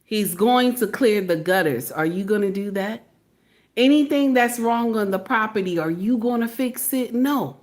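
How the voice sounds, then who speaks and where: A woman hosting a reaction video, talking in a loud, theatrical way with frequent swearing and laughter. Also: mid-range voice, animated, normal speed. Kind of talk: animated reaction commentary.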